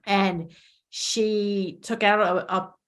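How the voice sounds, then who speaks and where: A woman's voice: mid-range voice, fairly even intonation, drawn-out words, fairly bright tone. Chatty middle-aged woman hosting. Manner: rambling, self-correcting, chatty. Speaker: podcast host, behavior analyst. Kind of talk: conversational interview.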